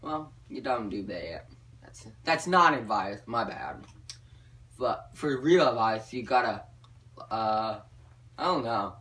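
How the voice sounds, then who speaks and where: Guy doing a goofy vlog, bouncy up and down pitch, kinda far from the mic. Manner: deadpan, rambling, drawn-out delivery. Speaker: vlogger giving joke advice. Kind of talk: comedic vlog monologue.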